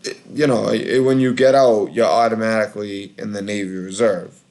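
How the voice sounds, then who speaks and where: A man from Boston with a Boston accent, rambling in casual call-in chat, halting and full of fillers. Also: lowish voice, steady tone, darkish tone. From Boston, Massachusetts.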